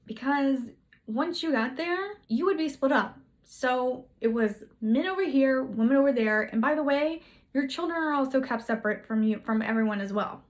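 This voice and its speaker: A woman's voice: high-pitched, expressive, moderate pace. A woman telling history in a casual, chatty way, full of sarcastic, playful asides. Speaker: history video host.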